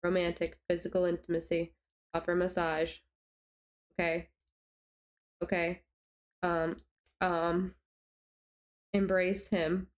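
A woman's voice: on the low side, little pitch movement, slow pace, pauses often. Exasperated young woman narrating gameplay. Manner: exasperated, rambling, talks to her sims. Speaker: gaming YouTuber. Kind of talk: casual gameplay commentary.

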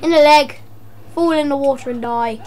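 A woman gameplay commentator with a high, worn-out voice talks at a normal speed, casually joking through her let's-play. When startled she lets out yelps and shouts.

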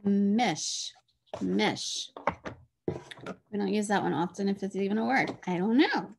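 A woman teaching a phonics lesson to children, slowly and patiently sounding out letters and words. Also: medium pitch, gravelly, background noise.

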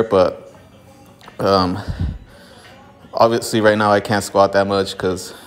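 A man talking casually to camera in a home garage gym, out of breath from exercise, laid-back and profane, with lots of fillers. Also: on the low side. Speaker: vlogger opening card packs. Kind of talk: casual vlog talk to camera.

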